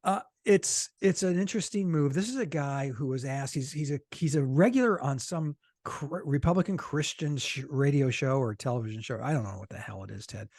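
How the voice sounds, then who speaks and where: A middle-aged man from the United States co-hosting a political podcast, animated and quick to laugh, with blunt, salty asides. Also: medium pitch, dry recording, clean studio sound. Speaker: podcast co-host, political cartoonist. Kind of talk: casual political chat.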